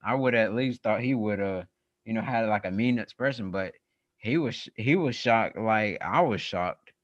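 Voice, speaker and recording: A man's voice: on the low side, moderate pace, no echo, muffled recording. A man hosting a casual wrestling podcast, recapping matches in a rambling way with many fillers. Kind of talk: casual show recap chat.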